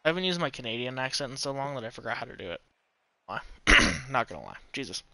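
Young American male streamer with a bright, forceful tone for casual game talk, chatty and foul-mouthed, on a desk mic. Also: medium pitch, very animated, quick pace, vocal fry. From United States. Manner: chatty, swears freely, laughs at his own jokes. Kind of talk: casual gaming commentary.

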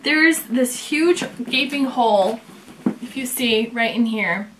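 A woman reviewing leather bags, talking casually and telling an animated story with plenty of quoted back-and-forth. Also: on the high side, slow pace, slight background noise.

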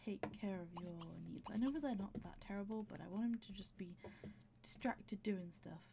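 Female gamer narrating her play, chatty and laughing, gravelly fry and audible breaths over faint hiss. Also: mid-range voice, normal speed. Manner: chatty, talks to her game characters, laughs often. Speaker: gameplay commentator. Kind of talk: casual gameplay commentary.

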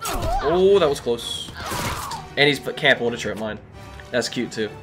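A man giving excitable, trash-talking commentary over his own gameplay, a little sick. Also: mid-range voice, unhurried. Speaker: gaming YouTuber. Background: faint background music.

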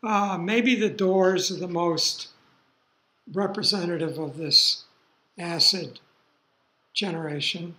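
An older man lectures at a slow, unhurried pace, drifting into relaxed asides. His voice sits fairly high for a man. The sound is roomy, as if recorded in a lecture hall. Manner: rambling, relaxed asides with fillers. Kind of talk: university lecture.

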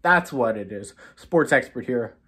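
A woman hosting a sports fan channel, giving an exasperated, scolding reaction rant that swings between low muttering and raised outbursts. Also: expressive, measured pace, a bit bright, breathy edge.

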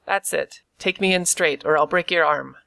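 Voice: medium pitch, normal speed, creaky, bright, forceful tone. A reader voicing a cruel blind old beggar. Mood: cold menacing. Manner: odd sing-song, sneering. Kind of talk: audiobook character reading.

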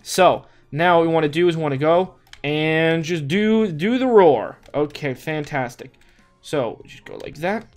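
A man's voice: a little high, normal speed. A man giving let's play commentary, talking to himself as he plays, with lots of repeated words and sudden exclamations. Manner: talks to himself with frequent restarts and exclamations. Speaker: gaming YouTuber. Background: faint background music.

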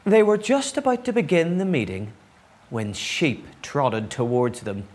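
A man reading a children's story aloud in an expressive, unhurried way. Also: fairly high pitch.

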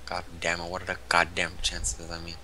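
A man's voice: low-pitched, monotone, a little fast, pushed and bright, slight background noise. A young man chatting with friends over a game, teasing them in a mock-dramatic, crude way. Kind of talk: casual chat while gaming.

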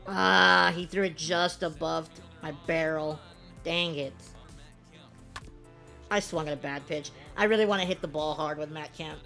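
Excitable woman calling her own game. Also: unhurried, creaky, faint music behind. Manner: excitable, yelling reactions between low-key play-by-play. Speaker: gaming video creator. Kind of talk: casual live game commentary.

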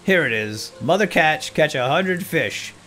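A man doing casual commentary over a video game, with a voice that swings widely up and down in pitch. He gets excitable and talks straight to the characters on screen. Light music plays faintly behind him. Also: unhurried. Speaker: let's play gamer.

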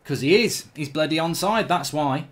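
A man's voice: a little high, expressive, moderate pace, fairly bright tone, a little hiss or hum. A middle-aged man commentating his football video game as a host, exasperated and swearing as he groans at his team. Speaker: gaming channel host. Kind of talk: live gameplay commentary.

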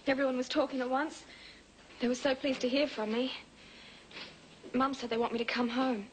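An actress playing an overjoyed, excited young woman in the style of 1980s TV soap acting. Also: sits high, normal speed, noisy background, natural voice.

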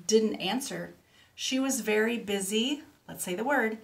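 A woman teaching speech to children, reading a picture book aloud slowly and clearly and pausing so they can repeat words. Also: lively intonation, slight background noise. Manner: animal sounds with big jumps in pitch.

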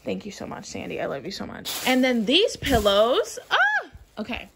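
A woman's voice: mid-range voice, big pitch swings, normal speed, vocal fry, a bit bright, a little hiss or hum. A woman in her twenties talking casually at home to her camera, bubbly and chatty, with lots of "like" and "literally". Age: 20s. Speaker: vlogger. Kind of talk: casual chat.

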